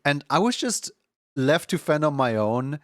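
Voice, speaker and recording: A man's voice: on the high side, big pitch swings, unhurried, no room sound. Young male streamer, rambling casual chat, dry close sound. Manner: rambling, heavy filler words, laughs often. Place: home room.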